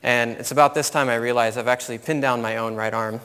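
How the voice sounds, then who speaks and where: A man in his thirties giving a conference talk, telling a personal story in an animated way and laughing at his own story. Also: mid-range voice, fast, very noisy. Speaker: conference speaker. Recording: long hall reverb.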